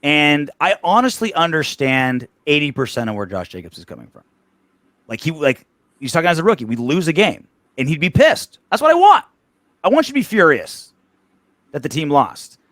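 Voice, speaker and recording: A man's voice: a little high, no echo, studio quality. A man co-hosting a sports podcast in casual chat, swearing and restarting his sentences a lot. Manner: animated, swearing, rapid restarts. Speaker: podcast co-host.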